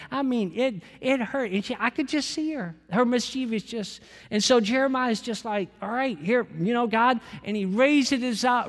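A man's voice: sits high, big-room sound. A male pastor preaching a sermon in a conversational storytelling way, talking straight to the congregation.

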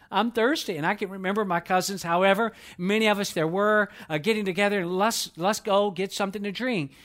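Man preaching a sermon, high voice. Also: a bit bright, smooth. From Georgia, US. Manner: earnest storytelling, slows down to quote scripture. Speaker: pastor.

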